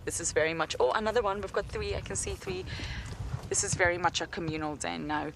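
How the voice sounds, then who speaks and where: A woman's voice: lowish voice, expressive, brisk, creaky, a bit bright, slight background noise. Chatty woman safari guide. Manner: chatty, laughing, drops to a whisper near animals. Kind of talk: live wildlife commentary. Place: outdoors on a game drive.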